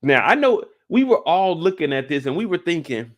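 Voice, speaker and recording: A man hosting a live stream, giving casual, jokey commentary on a TV episode and getting animated and high-pitched when excited. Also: fairly quick.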